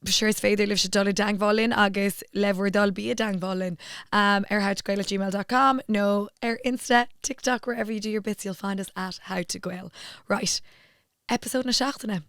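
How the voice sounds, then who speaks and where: A woman's voice: mid-range voice, fairly even intonation, fairly quick, a bit bright, no room sound, studio quality. A woman with an Irish accent hosting a podcast, telling stories in a chatty mix of Irish and English. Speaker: podcast host. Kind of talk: casual chat. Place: studio.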